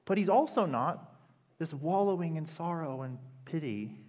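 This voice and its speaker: Preacher guy, fired up sermon, kinda high voice, long echo off the hall. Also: lively intonation, normal speed, lo-fi sound. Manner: impassioned, rising to loud emphatic peaks.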